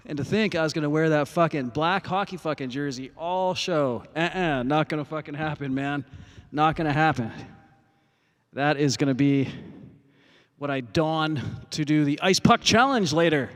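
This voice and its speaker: A man's voice: fairly high pitch, unhurried, fairly bright tone, in a large hall. Rambling, profane man with a raised voice. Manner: rambling, profane, many fillers. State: winded after performing. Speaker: livestream musician host. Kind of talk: casual livestream chat. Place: outdoor parking lot. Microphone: phone.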